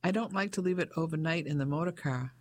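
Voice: mid-range voice, fast, natural voice. A reader doing a proper young Englishwoman. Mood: polite. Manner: polite, proper. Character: polite, brisk young Englishwoman. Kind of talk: audiobook character voice.

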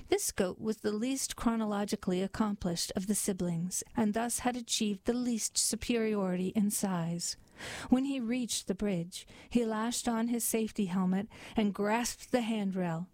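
Deadpan woman reading a fairy tale. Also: mid-range voice, unhurried, no room sound. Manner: deadpan, mock-formal wording. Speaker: storyteller. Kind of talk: scripted storybook narration.

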